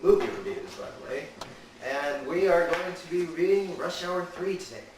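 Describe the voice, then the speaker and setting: A man's voice: on the high side, animated, normal speed. Young guy rambling thru a movie recap, and then and then, echoey room, mic kinda far, a bit of hiss. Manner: meandering, full of "and then" and "he's like". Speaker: amateur movie reviewer. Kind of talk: rambling casual plot recap.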